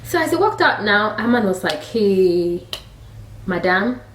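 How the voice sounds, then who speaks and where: A woman with a Nigerian accent retelling a Bible story in a chatty, animated way, with laughing asides. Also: fairly high pitch, brisk, a little hiss or hum. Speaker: faith storyteller, vlogger. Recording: roomy sound from a distant mic.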